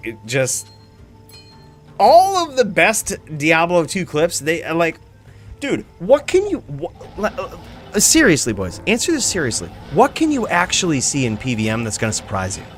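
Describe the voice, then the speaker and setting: A male streamer hosting a live show, talking in an excitable, rambling, profane way about the game he plays. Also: medium pitch. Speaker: streamer host. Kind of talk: casual live-stream chat.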